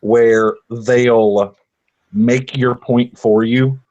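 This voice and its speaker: A man's voice: medium pitch, drawn-out words, muffled recording. A man on a podcast panel chatting casually, rambling and restarting as he tells stories. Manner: rambling, many restarts, animated storytelling. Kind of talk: casual chat.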